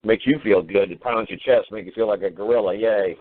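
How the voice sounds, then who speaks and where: A man's voice: on the low side, fast. Man ranting profanely over a phone line. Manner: profane, scolding, mocking rants. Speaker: radio show host. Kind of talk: call-in radio talk. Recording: tinny phone-line radio audio.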